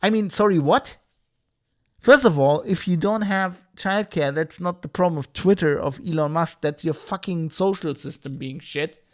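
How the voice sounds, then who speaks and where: A man's voice: a little high, normal speed. A man hosting a podcast livestream, ranting in a heated, profane, rambling way. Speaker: podcast host.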